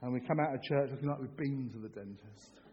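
A middle-aged man preaching a sermon in a church, animated and jokey, acting out excited shouts. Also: mid-range voice, quick pace. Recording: dull sound with long hall reverb.

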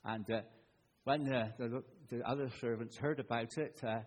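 A man's voice: medium pitch, fairly even intonation, moderate pace. An older man preaching a sermon in a conversational manner that rises into emphatic bursts.

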